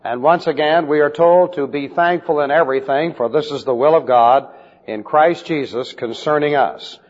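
A man preaching in a deliberate style, teaching Bible doctrine, and spelling out Greek words letter by letter. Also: a little high. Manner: slow, deliberate emphasis on key phrases. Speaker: pastor. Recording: dull lo-fi recording with long hall reverb.

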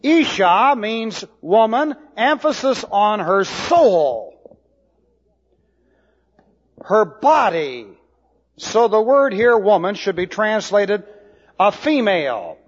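A man teaching a sermon, slow and deliberate, spelling out Hebrew words letter by letter. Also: sits high, big pitch swings. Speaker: Bible teacher. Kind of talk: expository sermon. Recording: dull lo-fi hall recording.

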